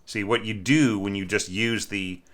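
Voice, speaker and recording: A man's voice: lowish voice, steady tone, moderate pace, a bit bright. A man teaching orchestration, talking casually through a student's score and humming parts with da-da syllables. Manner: thinks aloud, sings lines with da-da.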